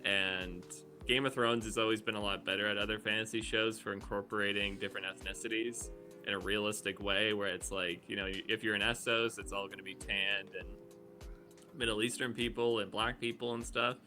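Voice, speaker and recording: A man's voice: fairly low pitch, steady tone, fairly quick, pushed and bright, soft background music. A man co-hosting a casual podcast, speaking bluntly with frequent swearing and rambling filler words. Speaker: podcast co-host.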